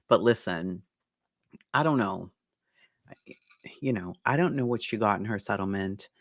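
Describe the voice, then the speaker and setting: A woman's voice: very deep voice, no room sound, clean studio sound. A woman reading court testimony aloud and reacting with incredulous, profane commentary, laughing between lines. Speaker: commentary host.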